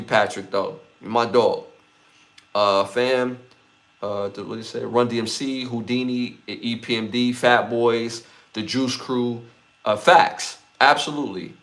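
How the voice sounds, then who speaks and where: A man with a Brooklyn accent hosting a live podcast, chatting loosely with viewers and repeating his phrases. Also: medium pitch. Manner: repeats phrases, gives shout-outs, loose slangy delivery. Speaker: podcast host.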